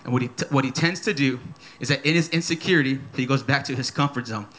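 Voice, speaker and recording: A man in his thirties preaching a sermon at a church service, energetic and playful, repeating his key phrases. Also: mid-range voice, fast talker, slight background noise. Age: 30s.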